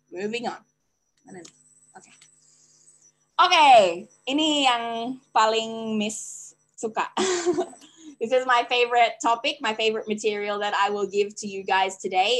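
A woman's voice: medium pitch, a bit bright, low-quality recording. Woman, teacher, casual webinar lecture, chatty, checks in with listeners, video call. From Australia. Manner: switches languages mid-sentence.

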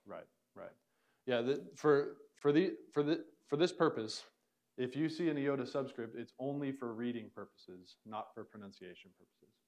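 A man's voice: mid-range voice, animated, normal speed, darkish tone. A man teaching a church Greek class, explaining in a loose, casual way with frequent "um"s and restarts. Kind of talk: classroom lecture.

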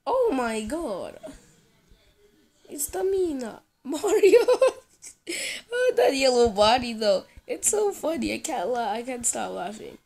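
Giggly woman with a lively, swooping voice. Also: a little high, measured pace. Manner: giggly, excitable, laughs often. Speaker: gaming YouTuber. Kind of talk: casual gameplay commentary.

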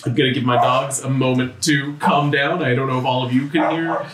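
Man, game master, mid pitch, roomy, far from mic, faint dogs. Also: very noisy. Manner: relaxed, with fillers, slowing for scene narration. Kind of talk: narrating a tabletop game. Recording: echoey, distant, faint barking. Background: dogs barking outside.

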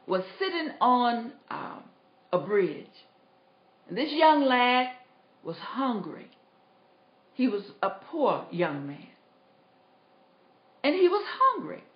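A woman giving an inspirational talk, slow and emphatic, repeating her exhortations in a high, lively voice. The sound is roomy and dull, recorded on a tablet for a livestream. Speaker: inspirational speaker.

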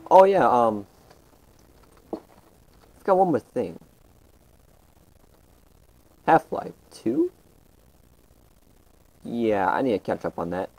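Slow, rambling man with a lively voice. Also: lowish voice, low-quality recording. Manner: rambling, halting, restarts sentences. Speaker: gaming channel host. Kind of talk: casual gameplay commentary.

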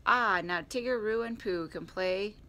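A woman's voice: medium pitch, a little slow, pushed and bright. A woman reading aloud and voicing a busy, fussy male rabbit in a storybook. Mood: eager.

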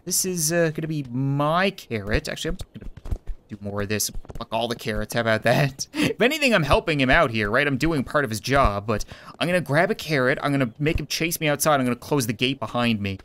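A man's voice: on the high side, sharp tone. A young man giving playful let's-play commentary, goofy and giggly, often talking to the game characters in mock-polite asides. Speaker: gameplay commentator.

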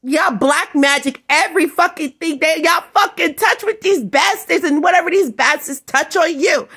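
A woman vlogger in an angry, rambling rant, swearing constantly and often breaking into shouts. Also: high-pitched, moderate pace, hardly any pauses. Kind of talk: ranting vlog monologue.

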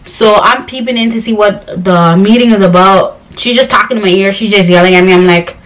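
A woman's voice: mid-range voice, fairly quick, rough recording. A young woman vlogger telling a story in a casual, slangy, rambling rant, exasperated and fed up.

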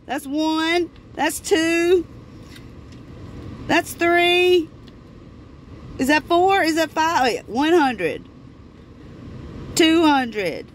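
A woman, excitedly vlogging to her viewers and squealing over her wins. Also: very high voice, very slow, long pauses, slight background noise. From Florida. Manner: squealing, bubbly, talks to viewers as y'all. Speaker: lottery vlogger. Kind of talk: excited casual vlog.

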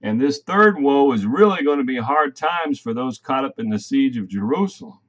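A man's voice: medium pitch, moderate pace. A man giving an emphatic Bible prophecy teaching, reading scripture aloud and addressing listeners as brothers and sisters. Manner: emphatic, animated preaching with laughs and asides.

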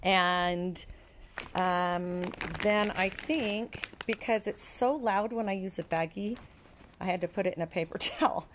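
A woman's voice: medium pitch, unhurried, a little hiss or hum. Chatty woman touring her farm outdoors. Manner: chatty, fond baby talk to animals. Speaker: farm vlogger. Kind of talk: casual outdoor farm tour.

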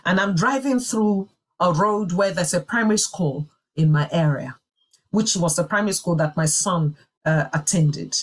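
Husky woman giving an earnest sermon testimony. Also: fairly low pitch, normal speed. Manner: earnest, emphatic storytelling. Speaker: church speaker.

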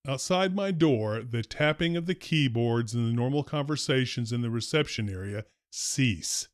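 A former school principal recounts stories from his career in first person, with dry, wry humor and a deadpan delivery. His mid-range male voice moves at normal speed, with no room sound.

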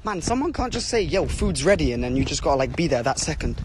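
A man's voice: a little high, big pitch swings, quick pace. Breathless young man streaming outdoors in wind. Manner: chatty and scatterbrained, laughing at himself. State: out of breath from walking. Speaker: livestreamer. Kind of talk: casual live stream chat. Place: outdoors on a windy walk. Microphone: phone held while walking. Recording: loud wind noise on phone.

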